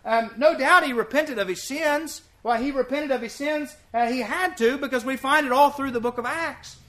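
A male preacher delivers a sermon in a high, ringing voice. He is earnest and emphatic and drives his points home by repeating them. His tone has a bright, pressing edge. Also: moderate pace. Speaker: visiting preacher.

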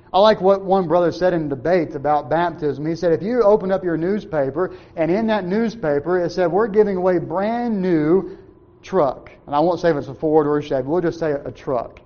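High-voiced male preacher, lo-fi sound. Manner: asks the congregation questions and answers them, acts out short quotes. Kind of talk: sermon.

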